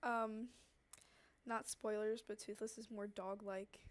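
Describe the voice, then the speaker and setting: A woman's voice: mid-range voice, little pitch movement, slow pace. A young woman chatting casually with her viewers while she draws, rambling and laughing, her throat scratchy from coughing. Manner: rambling, laughs often, trails off. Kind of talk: casual chat while drawing.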